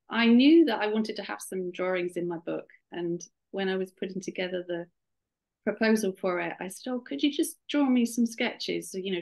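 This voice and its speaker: A woman's voice: medium pitch, rough recording. A middle-aged woman, an author and scientist, talking casually over a video call with many restarts. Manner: chatty, warm, many restarts and "you know". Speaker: author and cat behaviour scientist, guest. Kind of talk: webinar interview.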